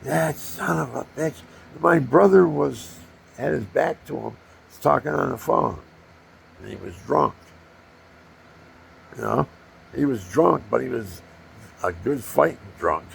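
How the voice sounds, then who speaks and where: An older man tells rambling personal stories in a deeply gravelly voice. He gets animated as he goes and acts out the punches with his own sound effects. A faint hiss sits behind him. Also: measured pace, long pauses. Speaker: storyteller.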